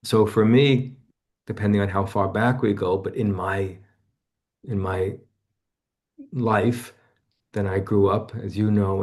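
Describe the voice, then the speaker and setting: A man in his seventies, a guest in an interview, recounting personal experiences in a reflective, conversational way. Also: a little mellow. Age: 70s. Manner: personal storytelling, acts out remembered voices with sudden jumps in pitch.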